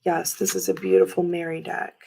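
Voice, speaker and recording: A woman's voice: fairly low pitch, completely flat delivery, a little fast, creaky, dark tone, husky, low-quality recording. A woman in her thirties hosting a casual chat while showing tarot cards, talking in a rambling, chatty way with lots of fillers. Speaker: tarot reader and livestream host.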